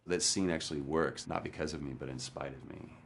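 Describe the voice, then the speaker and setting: A man, an actor, candidly recounting a hard day on set in a documentary interview, sometimes dropping to a hush. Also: extremely low pitch, brisk, gravelly. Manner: candid, animated storytelling, drops to a hush for quotes. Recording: interview with score under it.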